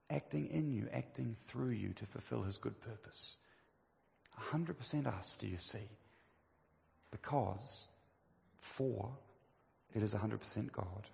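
A man's voice: fairly high pitch, vocal fry. A man preaching a sermon, emphatic and full of rhetorical questions. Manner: emphatic, rhetorical questions, rising to stress key phrases. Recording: long reverb of a church hall.

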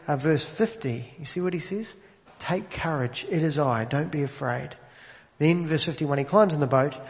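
A man with a fairly high voice preaches a sermon in an easy conversational manner, turning often to ask his listeners direct questions. He speaks into an amplified microphone, and his words ring out with the long reverb of a large church hall.

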